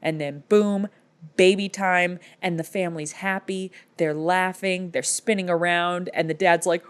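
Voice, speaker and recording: A woman's voice: fairly low pitch, fairly even intonation, measured pace, clear, resonant tone. A woman giving a casual, jokey recap of a movie, telling the plot with a sarcastic edge. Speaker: vlogger.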